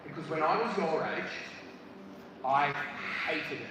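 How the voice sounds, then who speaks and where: A man's voice: fairly high pitch, unhurried, noisy background. A man in his thirties giving a live motivational speech to students, telling comic stories and acting out voices. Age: 30s. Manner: animated storytelling, acts out voices and shouts. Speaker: motivational speaker. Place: school hall, live before students. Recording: echoey school hall from far off. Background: hall ambience.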